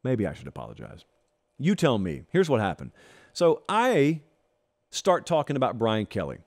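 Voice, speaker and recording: A man's voice: medium pitch, wildly swooping pitch, normal speed, vocal fry. A man hosting a college football talk show, delivering an emphatic, opinionated monologue with sarcastic asides.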